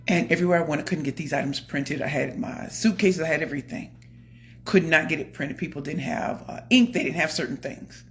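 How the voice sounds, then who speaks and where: A woman in her forties telling a story in a casual vlog, calling her viewers "y'all" and swinging from loud excitement to a hushed, confiding tone. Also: low voice, slight background noise. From New York area. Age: 40s. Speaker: motivational speaker and vlogger. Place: home.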